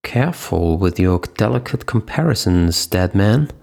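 A man's voice: low-pitched, lively intonation, moderate pace, gravelly, a little mellow. Man doing a tough woman lieutenant, impatient, blunt, teasing, raised voice.

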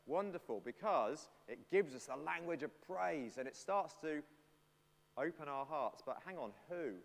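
A man's voice: a little high, expressive, normal speed, gravelly. A man leading a playful, chatty sermon and talking with the congregation. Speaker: preacher. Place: church. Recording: long church reverb.

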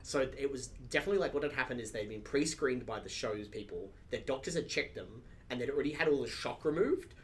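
Male co-host, mid-pitched, chatty and crude, light background hiss. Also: animated, fast, few pauses. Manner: rambling, swears freely, many "like" fillers. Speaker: podcast co-host. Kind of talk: casual chat.

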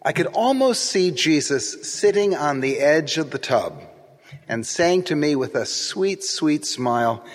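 A man preaching a sermon in a church, speaking in a gentle, reflective way. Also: fairly high pitch, lively intonation. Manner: slow, reflective, gentle delivery. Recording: church reverb.

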